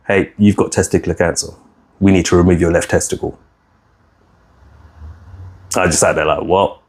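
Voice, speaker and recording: A man's voice: lowish voice, darkish tone. A man, telling his own story on a podcast in a frank, rambling way, swearing freely and restarting often. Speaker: podcast co-host. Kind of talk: candid personal storytelling.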